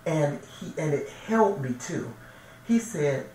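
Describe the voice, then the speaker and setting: A man's voice: fairly high pitch, lively intonation, slow, warm tone. A man, a minister, giving a heartfelt personal testimony, earnest and emotional, often repeating himself as he searches for words. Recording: echoey room, distant mic, faint noise.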